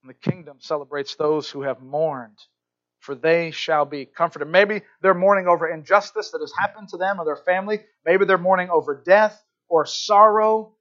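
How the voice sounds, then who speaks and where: High-voiced preacher, earnest and conversational. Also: male voice, fairly even intonation, moderate pace, a bit bright, muffled recording. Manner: earnest, conversational, frequent "right?" asides. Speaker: pastor. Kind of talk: sermon.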